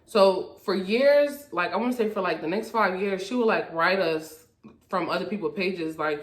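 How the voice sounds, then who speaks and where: Brief: young woman vlogger, lowish voice, slangy animated storytelling, roomy echo. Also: moderate pace. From Florida, USA. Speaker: YouTuber telling a story. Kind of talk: casual storytime vlog. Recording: echoey room.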